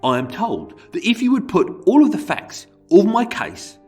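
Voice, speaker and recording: A man's voice: high voice, wildly swooping pitch, normal speed, darkish tone, soft background music, voice pushed up. A man with a put-on Brummie accent reads out a formal, aggrieved letter as a self-pitying jailed murderer pleading with a lawyer. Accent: Birmingham (Brummie), put on.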